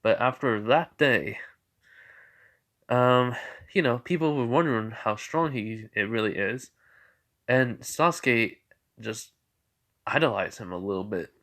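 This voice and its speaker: A man's voice: medium pitch, unhurried, pauses often, a bit bright. A tired man casually telling an unscripted fan story, rambling and correcting himself with many fillers. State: tired, yawning.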